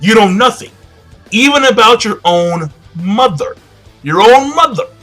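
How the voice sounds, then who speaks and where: A man playing a cool villain leader, matter-of-fact and bright-toned. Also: high-pitched, animated, a little slow, faint music behind, heavily acted. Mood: cold. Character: calm, menacing male villain leader.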